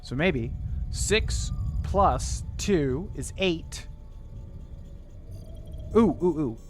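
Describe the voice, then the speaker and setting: A man's voice: fairly high pitch, animated, drawn-out words, soft background music. A man streaming a video game, thinking aloud as he works through sums and grumbles in a half-joking way. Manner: thinks aloud, counting and muttering sums to himself. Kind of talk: casual let's-play commentary.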